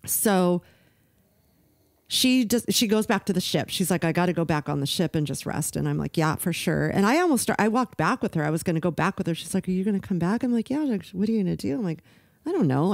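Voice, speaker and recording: A woman's voice: lowish voice, no room sound, studio quality. Emotional middle-aged woman telling a story. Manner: animated, acts out quoted dialogue, emotional. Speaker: podcast co-host. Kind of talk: casual storytelling chat.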